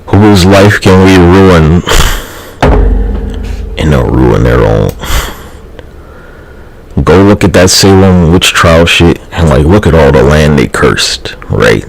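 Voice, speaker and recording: A man's voice: deep voice, rough recording. A man streaming live, talking in a loose, rambling and profane monologue.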